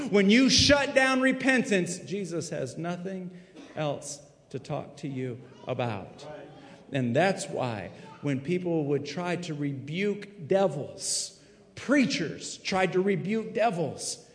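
A man's voice: high-pitched, a little slow. Man preaching in an echoey hall. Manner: dramatic, swings from hushed to shouting. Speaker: pastor. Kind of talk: sermon. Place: full church sanctuary.

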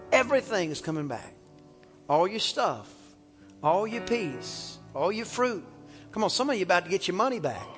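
Fervent high-voiced preacher in a reverberant church. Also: male voice, very animated, moderate pace, soft background music, some chatter behind. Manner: fervent preaching, rising to shouts, calls for congregation responses. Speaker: pastor. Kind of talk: sermon. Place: church sanctuary.

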